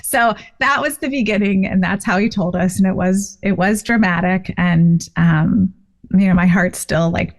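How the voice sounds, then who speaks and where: A woman in her fifties, a guest author and parent, telling a personal story in a casual interview with an animated, expressive delivery. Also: mid-range voice, normal speed. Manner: animated, expressive retelling with frequent fillers.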